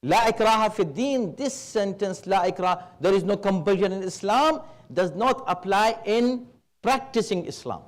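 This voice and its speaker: A man gives a religious lecture in a high voice. He speaks in a measured, emphatic way and weaves Arabic terms into his teaching. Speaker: preacher at a religious gathering. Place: Islamic center hall.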